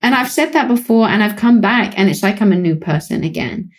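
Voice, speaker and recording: A British woman with a British accent, a psychologist co-hosting a podcast, explaining calmly in relaxed conversation with light laughs. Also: medium pitch, fairly quick. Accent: British English. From Britain. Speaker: psychologist co-host.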